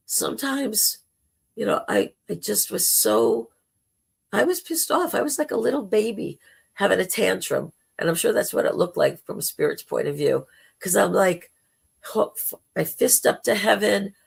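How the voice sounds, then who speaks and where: A woman hosting a live spiritual talk, telling a personal story slowly and heartfelt, with dramatic quoted asides. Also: mid-range voice, vocal fry, breathy edge. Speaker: spiritual talk show host.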